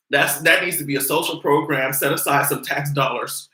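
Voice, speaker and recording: A young man chatting casually on a livestream, sassy and animated, with frequent cursing. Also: fairly high pitch, normal speed. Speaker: vlogger hosting a livestream. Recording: roomy echo.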